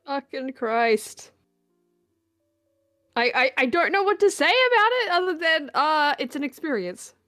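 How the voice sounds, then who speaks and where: A woman's voice: high-pitched, very animated, fairly quick, few pauses, sharp tone, soft background music. A woman guest chatting casually on a stream, hesitant, stammering and laughing.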